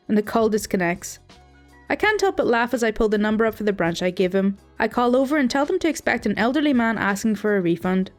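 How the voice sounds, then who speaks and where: A woman hosting her storytime channel, reading a call center story aloud with a wry, amused manner. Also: medium pitch.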